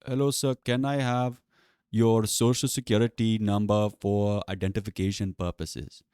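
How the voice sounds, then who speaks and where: A man impersonates an overly courteous male phone support agent, deferential and formal at every turn. The voice stays low and the delivery is smooth, in a dry, close recording. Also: flat delivery, rapid-fire, mellow, no room sound, close to an everyday voice. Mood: polite. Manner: formal and deferential, keeps saying sir.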